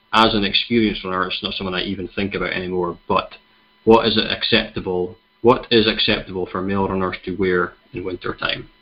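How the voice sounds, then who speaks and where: Scottish guy hosting a running podcast, laid back and rambly, lower voice, kinda muffled lo-fi sound. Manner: relaxed, chatty, many fillers. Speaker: podcast host. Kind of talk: casual chat, storytelling. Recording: dull lo-fi recording.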